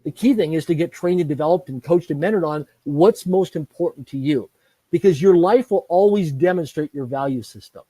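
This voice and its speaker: Middle-aged male business trainer, interview guest, lively storyteller; slightly higher, warm tone, dry close sound. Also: fairly quick, husky, dry recording. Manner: energetic, repetitive lists, acts out dialogue.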